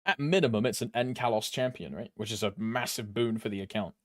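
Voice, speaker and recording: A man's voice: lowish voice, brisk, dry recording, clean studio sound. A young British man streaming a game, chatting loosely with viewers, rambling and swearing casually. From Britain. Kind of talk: casual live-stream chat.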